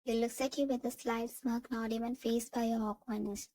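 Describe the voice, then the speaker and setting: Woman, fan fiction narrator, second person, even steady reading, slightly high pitch. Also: normal speed, rough recording.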